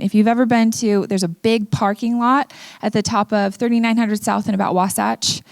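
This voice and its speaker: A woman's voice: medium pitch, creaky, a little mellow, no room sound. A middle-aged woman from Utah giving an earnest, candid personal testimony talk at an event. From Utah, USA. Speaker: speaker. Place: event venue.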